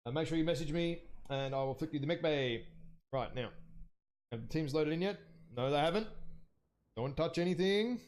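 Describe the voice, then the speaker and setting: A young man casting an online game league match live, chatty and rambling as he thinks aloud, his voice jumping higher when something surprises him. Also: animated, normal speed, long pauses, a little mellow, a little hiss or hum. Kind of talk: live esports commentary.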